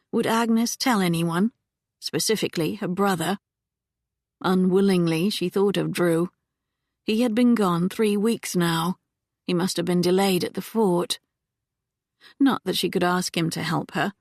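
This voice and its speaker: A woman narrating a historical romance audiobook in a calm, measured manner. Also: fairly low pitch, no room sound, studio quality. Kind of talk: scripted narration.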